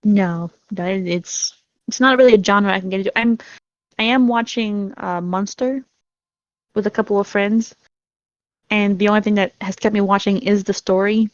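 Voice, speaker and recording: A woman's voice: medium pitch, steady tone, normal speed, dry recording, lo-fi sound. A woman chatting casually as a podcast guest, rambling and laughing while she tells stories. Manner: rambling, giggly, acts out her own reactions. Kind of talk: casual chat.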